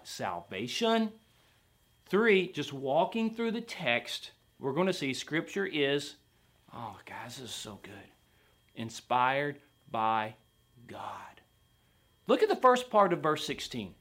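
Animated preacher man, wide-ranging voice. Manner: animated preaching, mimics skeptics in a higher voice. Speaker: pastor. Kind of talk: sermon.

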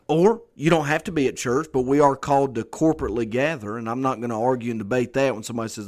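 A pastor delivering a conversational sermon, earnest and repeating phrases for emphasis. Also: male voice, medium pitch, fast talker, few pauses, darkish tone.

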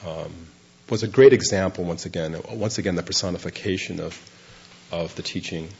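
A man's voice: deep voice, normal speed, vocal fry, darkish tone. An older man, a Zen monk, telling a rambling, self-deprecating story to a group and laughing through the funny parts. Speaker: Zen monk giving a dharma talk. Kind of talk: storytelling talk. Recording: dull lo-fi recording.

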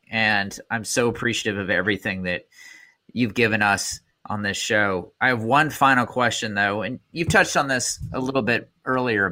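A man hosting an interview, thanking his guest and asking a measured closing question. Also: on the low side, sharp tone. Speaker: interview host.

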